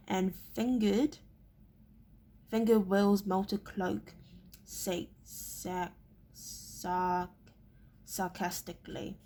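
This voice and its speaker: Woman narrator reading a novel, slow and halting, gravelly husky voice, stumbles often. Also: medium pitch, warm tone. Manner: halting, stumbling and repeating words. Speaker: reader.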